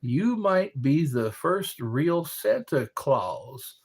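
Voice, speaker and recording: A man's voice: medium pitch, big pitch swings, drawn-out words, darkish tone, breathy edge. A man in casual chat, rambling and joking as he reads questions aloud and answers them.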